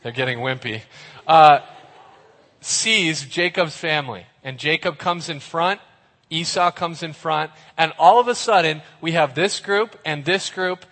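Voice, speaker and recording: Playful preacher man, animated and audience-involving, a bit high-voiced, long hall reverb. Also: a little slow. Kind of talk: lively youth sermon.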